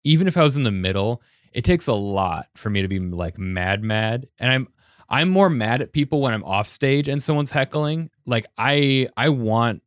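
Male podcast host, easygoing, mid-pitched, agreeable chat. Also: lively intonation, smooth, no room sound, clean studio sound. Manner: easygoing, quick agreeing fillers.

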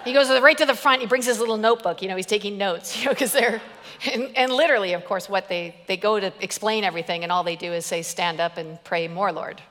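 A woman's voice: mid-range voice, fast, a bit bright, big-room sound. A woman preacher giving an emphatic sermon, building it with repeated phrases and humorous stories. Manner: emphatic, repetitive, storytelling with humor.

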